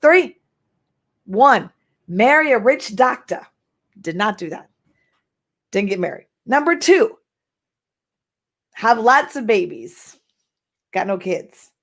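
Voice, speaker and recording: A middle-aged woman from Texas giving an energetic, emphatic masterclass talk as a marketing coach, reading viewer comments aloud. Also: fairly high pitch, slow pace, long pauses.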